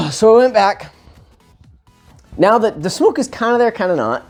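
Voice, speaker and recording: A man telling a funny personal story in a casual, animated, self-mocking way, with sarcastic asides. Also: high-pitched, a little slow, vocal fry, faint music behind.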